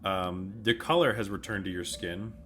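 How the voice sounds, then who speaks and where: A man's voice: sits low, normal speed, fairly bright tone, slight background noise. A man running a tabletop game as game master, laid-back and full of ums and small laughs.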